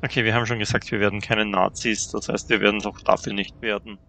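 Gravelly Austrian streamer. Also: male voice, lowish voice, flat delivery, fast, sharp tone. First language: German. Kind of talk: let's play commentary, reading game text aloud.

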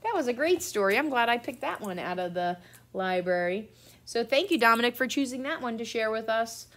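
A middle-aged woman, a teacher reading a picture book aloud to children, expressive and full of surprise. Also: on the high side, a little fast. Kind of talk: children's read-aloud storytime.

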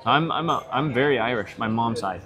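A man's voice: mid-range voice, lively intonation, brisk, crowd noise. A young man chatting casually in a pub on a live stream, joking and swearing a lot. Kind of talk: casual chat. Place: Irish pub.

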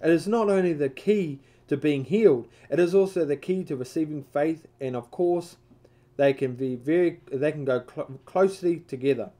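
Mellow-voiced man reading scripture slowly. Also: on the high side. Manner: measured reading with occasional stumbles and self-corrections. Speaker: Bible study leader. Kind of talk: reading a devotional book aloud with brief comments.

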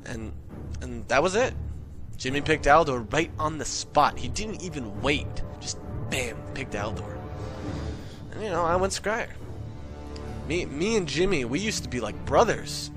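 A man telling a comic story in an excitable, profane, ranting way. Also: medium pitch, normal speed, long pauses, music in the background. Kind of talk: comedic monologue.

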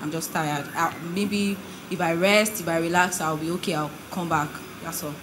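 A woman from a church congregation, speaking hesitantly and haltingly on a microphone. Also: fairly low pitch, steady tone, fairly bright tone, rough recording. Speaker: congregation member. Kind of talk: sharing from the floor.

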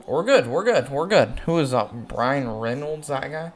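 A man giving live commentary on his own baseball video game, cheering, cursing and yelling at the plays. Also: medium pitch, animated, measured pace.

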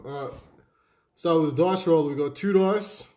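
A man's voice: a little high, normal speed, a little mellow. A young Australian man co-hosting a card break, joking back, swearing freely and reading out names. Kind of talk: casual banter while opening cards.

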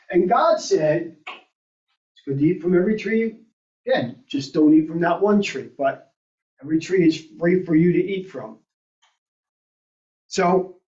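A woman with a fairly low pitch and darkish tone teaches adults in a church classroom, asking the group questions and working through her thoughts aloud. The recording is roomy, distant and dull.

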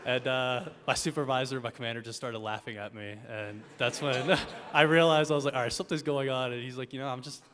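A man, an airman on an award panel, telling an animated personal story and quoting the people in it. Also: medium pitch, a little fast, few pauses. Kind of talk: personal story told on stage. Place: symposium hall on stage. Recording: reverberant auditorium.

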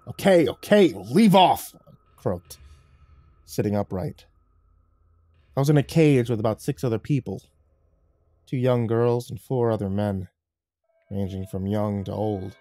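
A man's voice: fairly low pitch, fairly even intonation, unhurried, long pauses, dark tone, no room sound. A man reading a horror story aloud in a dramatic storytelling manner. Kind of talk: scripted horror narration. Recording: faint music underneath.

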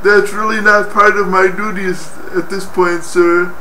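A man's voice: sits high, flat delivery, sharp tone. A man voicing a flustered, hesitant young female student nurse, stammering through her lines. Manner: halting, stammering. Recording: roomy, distant mic, faint hiss.

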